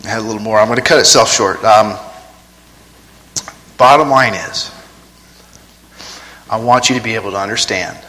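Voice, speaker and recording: Male preacher, conversational, rhetorical questions, forceful tone, long hall reverb. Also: fairly low pitch. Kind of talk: sermon.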